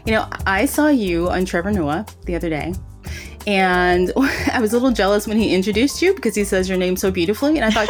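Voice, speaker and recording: A woman's voice: medium pitch, a little fast, music in the background. A woman hosting her podcast, reading an intro and then chatting admiringly with her guest. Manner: admiring, warm laughs, conversational. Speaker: podcast host. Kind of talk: scripted intro then casual interview.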